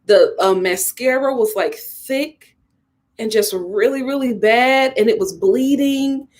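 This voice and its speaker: A woman's voice: a little high, slow, a little mellow. A young woman giving a casual, sassy recap of a reality TV episode, often talking straight to the people on screen. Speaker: reality TV reviewer.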